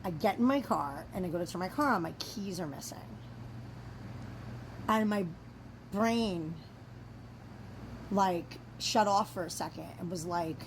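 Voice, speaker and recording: A young woman telling a rambling, swear-filled storytime in a casual, animated way. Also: on the low side, normal speed, background noise. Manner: chatty and rambling, swears freely, animated retelling. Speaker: storyteller vlogger.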